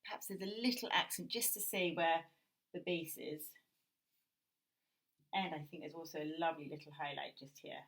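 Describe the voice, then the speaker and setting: A woman with a British accent teaching a drawing lesson, explaining gently and thinking aloud as she draws. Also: low voice, fairly even intonation, normal speed, gravelly, pauses often, rough recording. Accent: British English. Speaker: art teacher. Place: indoors at a drawing table.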